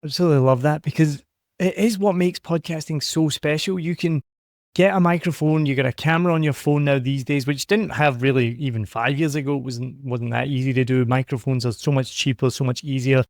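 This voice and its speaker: Upbeat man, softened Scottish accent. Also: mid-range voice, steady tone, brisk, no echo, clean studio sound. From Scotland. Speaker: podcast host. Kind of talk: podcast interview.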